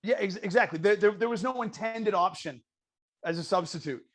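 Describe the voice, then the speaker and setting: Comedian guest, high voice, animated storyteller who swears and acts out characters, on a video call. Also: male voice, fairly quick. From New Hampshire. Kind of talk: casual storytelling chat.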